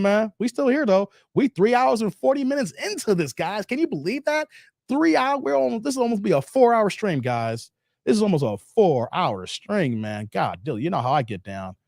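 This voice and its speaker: A man's voice: high-pitched, vocal fry, darkish tone, no echo, studio quality. A man hosting a casual live stream, reading out chat messages and talking straight to his viewers in slang, with "man" and "guys" in nearly every sentence. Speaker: live-stream host reacting to videos and chat.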